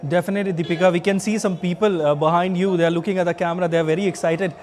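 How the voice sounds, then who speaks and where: A man's voice: high-pitched, fairly even intonation, a little mellow, a little hiss or hum. A male news anchor with an Indian English accent, hosting a live broadcast and handing over to a field reporter. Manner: quick, with fillers when questioning.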